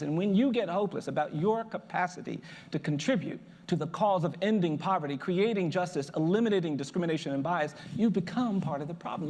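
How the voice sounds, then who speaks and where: Gravelly man, slightly high voice, emphatic speaker, long hall reverb. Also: a little mellow. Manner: emphatic, building repetition. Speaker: lawyer and public speaker. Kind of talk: motivational speech.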